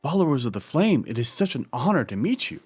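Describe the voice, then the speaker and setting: A man's voice: mid-range voice, sing-song, fast talker, darkish tone, slightly rough, soft background music. A man voicing a tall, shy Firbolg acolyte who is earnest and eager to make friends, speaking hesitantly.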